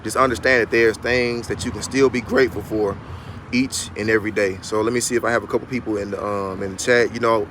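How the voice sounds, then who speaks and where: A man's voice: on the low side, fairly bright tone, slight background noise. Emphatic man coaching from outdoors. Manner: preacherly, rising and emphatic, colloquial, addresses viewers as y'all. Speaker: life coach. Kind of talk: motivational livestream talk. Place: outdoors outside a barbershop, traffic nearby.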